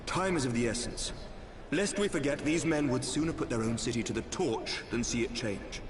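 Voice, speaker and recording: An actor playing a stern, resolute knight commander in a video game, speaking with grave, measured weight. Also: male voice, mid-range voice, close to an everyday voice. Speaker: lord commander character. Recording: roomy reverberant game audio with music.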